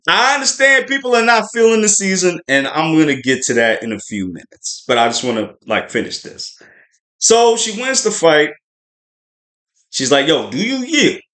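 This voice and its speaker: A man's voice: a little high, fairly bright tone. A man hosting a podcast livestream, reviewing a show in a chatty, rambling way with lots of fillers. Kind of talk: casual spoiler review livestream.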